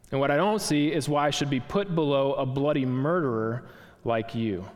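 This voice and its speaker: A man's voice: medium pitch, close to an everyday voice. A man voicing a self-righteous, indignant ghost who insists on his rights, in a raised, blustering voice. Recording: long hall reverb.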